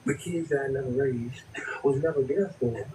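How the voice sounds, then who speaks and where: A man's voice: mid-range voice, moderate pace. A man hosting a livestream, giving a rambling, preachy monologue that swears freely and talks straight to his viewers. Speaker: livestream show host. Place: home craft room. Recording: distant mic with room noise and TV.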